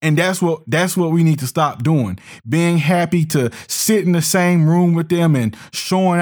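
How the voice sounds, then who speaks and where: Heated man ranting in a higher voice. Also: normal speed, few pauses, darkish tone. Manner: heated, emphatic, repeats and restarts words; slips into sneering mock voices. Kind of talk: ranting monologue commentary.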